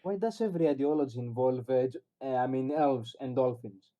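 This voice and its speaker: Mellow, dark-toned man for a wry casual podcast co-host. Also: medium pitch, a little fast, highs cut off. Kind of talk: casual group chat.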